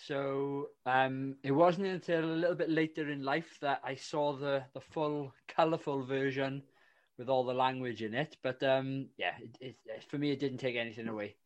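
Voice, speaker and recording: A man's voice: mid-range voice, fairly even intonation, moderate pace, muffled recording. A man hosts a casual film podcast. He chats enthusiastically, trailing into fillers and restarts as he reminisces. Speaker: podcast host.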